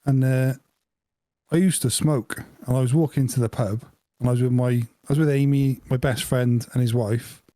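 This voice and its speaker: A man with a mellow, relaxed tone, chatting casually and spinning a long, meandering story. His voice sounds dry and close, with no room around it. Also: medium pitch, normal speed, no echo. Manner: rambling anecdote with laughs and acted-out quotes. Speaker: podcast co-host.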